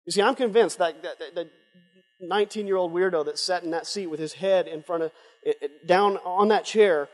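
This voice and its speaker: A man preaching a sermon at a conference, moving between loud urging and hushed confession before a live audience. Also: high voice, normal speed. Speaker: conference speaker. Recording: long hall reverb from a live event.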